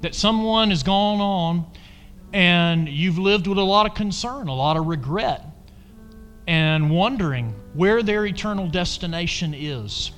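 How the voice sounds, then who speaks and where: A male pastor delivering a sermon in a high, lively voice that rises and falls widely. He is emphatic, moving between loud exhortation and quiet, intimate asides. The sound carries the long reverb of a large church hall. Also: measured pace, faint music behind. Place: church sanctuary.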